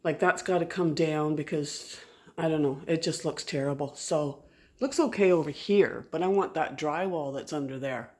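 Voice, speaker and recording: A middle-aged woman vlogs casually at home, walking between indoors and outdoors through her house and garden. Her deep, slightly mellow voice moves at normal speed as she rambles and keeps interrupting herself.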